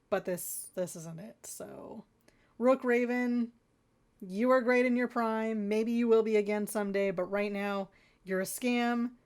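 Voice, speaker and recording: A woman's voice: mid-range voice, darkish tone, clean tone. A woman vlogger ranting in an exasperated, rambling way, talking straight to her viewers. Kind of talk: ranting consumer-warning vlog.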